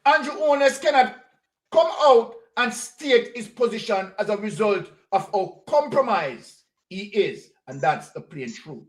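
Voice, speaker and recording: A man's voice: high voice, very animated, measured pace. A man with a Jamaican accent giving a combative political commentary, directly accusing the person he talks about. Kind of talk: monologue commentary.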